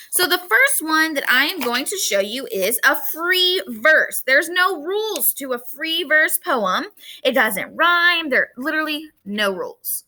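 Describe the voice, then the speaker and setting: A woman teacher giving a recorded lesson to students, talking to them directly and stressing key points. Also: high voice. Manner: lively, emphatic, talks straight to students.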